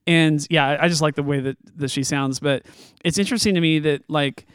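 A man with a slightly raised, smooth voice, talking on a podcast into a close, dry mic. He is easygoing and curious and laughs readily. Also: fairly high pitch, steady tone, a little fast, no echo. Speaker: podcast co-host. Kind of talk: casual fan discussion.

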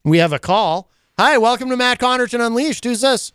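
Casting: playful male talk-radio host, high smooth voice, dry studio sound. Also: animated, brisk, fairly bright tone, dry recording. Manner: teasing, playful, reads listener messages aloud. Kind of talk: casual on-air banter.

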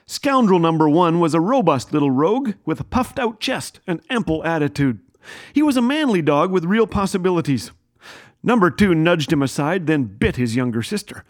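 A man hosting a radio show, telling a funny family story in an animated, self-mocking way. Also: a little high. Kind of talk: humorous storytelling.

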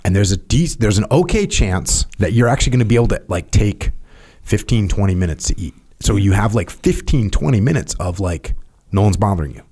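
Low-voiced man telling a training story. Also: big pitch swings, brisk, few pauses, darkish tone, breathy edge. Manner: storytelling, emphatic, repeats phrases for weight. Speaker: podcast host. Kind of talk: casual chat.

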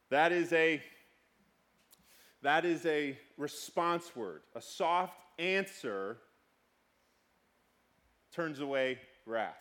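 A man in his thirties preaching in a relaxed, conversational way. His voice sits at an ordinary middle pitch. He jumps from soft, near-whispered stretches to sudden shouted bursts. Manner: conversational preaching, swinging between loud outbursts and hushed, soft passages. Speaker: pastor. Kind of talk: sermon.

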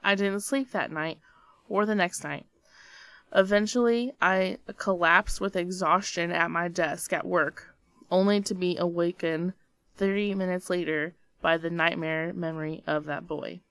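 A woman's voice: on the low side, steady tone, unhurried, a bit bright, clean tone, no echo. A young adult woman, a podcast co-host, reading a scary story aloud with dramatic storytelling and nervous laughter.

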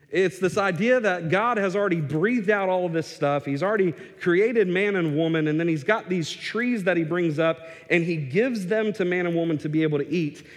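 A man preaching a sermon, emphatic, repeating words for stress, with restarts and fillers. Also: a little high. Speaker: pastor. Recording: echoey hall reverb.

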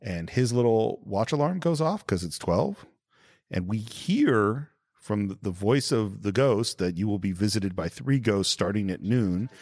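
A man's voice: fairly low pitch, unhurried. A man co-hosting a podcast, casually retelling a film scene with frequent laughs. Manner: animated storyteller with frequent laughs. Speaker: podcast co-host.

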